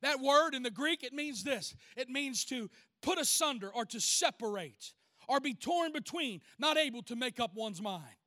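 High, bright-voiced pastor preaching. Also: male voice, lively intonation, moderate pace. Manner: call-and-response preaching, rising to shouts. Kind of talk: sermon. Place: church.

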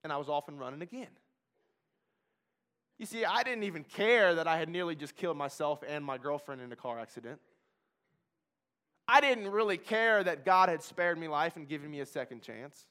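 A man from Kentucky telling his recovery story as a personal testimony, emphatic and repetitive, swinging from hushed to loud. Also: a little high, expressive, normal speed, long pauses. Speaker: speaker sharing a recovery testimony.

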